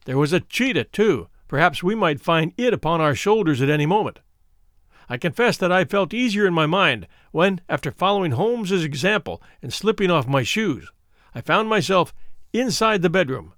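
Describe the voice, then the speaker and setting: A man narrating a classic tale in a dramatic, suspenseful way. His fairly high voice moves up and down a lot as he builds tension. The sound is close and dry. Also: big pitch swings, moderate pace, a bit bright, dry recording. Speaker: storyteller. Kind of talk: scripted narration.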